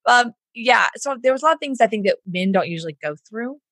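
A woman from the States, telling her story in an interview in an animated way, acting out what others said and laughing often. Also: a little high, fast, no room sound. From Southern United States. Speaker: entrepreneur guest.

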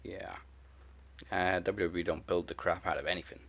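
Deep gravelly dude on a wrestling podcast, dry wry jokes, laid back. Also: male voice, little pitch movement, moderate pace, a bit bright. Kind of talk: casual chat.

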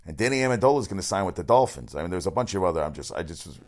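A man running through sports news as a radio host, rambling, excitable and swearing often. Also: sits low, racing. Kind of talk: casual sports news rundown.

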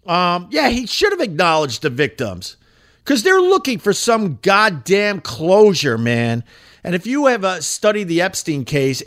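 A man's voice: fairly high pitch, fairly bright tone. A middle-aged man hosting his own show, talking in a casual, rambling and profane monologue with emphatic swings. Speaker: podcast host, former shock jock radio host. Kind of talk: casual monologue reading social media posts.

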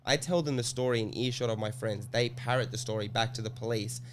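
A man's voice: mid-range voice, quick pace, slight background noise. A man, co-hosting a comedy podcast and telling a story in a rambling way, full of fillers. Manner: rambling, filler-heavy, laughing. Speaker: podcast co-host. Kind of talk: casual storytelling.

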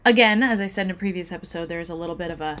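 A woman's voice: lowish voice, rapid-fire, fairly bright tone. A young Canadian woman co-hosting a travel podcast from a studio, chatty and playful, often laughing while she tells stories. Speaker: podcast co-host. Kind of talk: casual travel podcast chat.

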